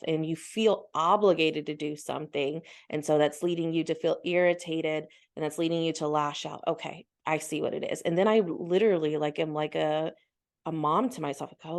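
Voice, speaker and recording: A woman's voice: deep voice, fairly even intonation, moderate pace, darkish tone. A woman guest on a podcast, earnestly explaining her healing practice and voicing her own inner thoughts as she goes. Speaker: podcast guest, spiritual healer. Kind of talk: conversational interview.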